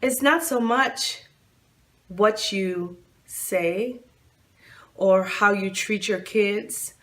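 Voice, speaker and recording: A woman's voice: medium pitch, very slow, a bit bright. A woman hosting her own channel, talking earnestly about her father, stressing words by repeating them, seated on a couch. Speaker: channel host. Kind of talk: heartfelt personal vlog talk. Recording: distant room sound.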